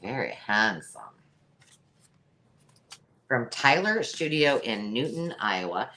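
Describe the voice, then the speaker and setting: Woman, very deep voice, lively pitch, chatty, jokey, live-stream sale host. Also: slow. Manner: chatty, jokey, laughs at her own remarks. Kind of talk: live-stream sales chat.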